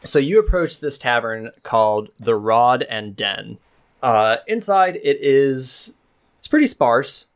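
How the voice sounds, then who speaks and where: A man narrating as game master of a tabletop game, talking in a relaxed way with many fillers and restarts. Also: medium pitch, slow.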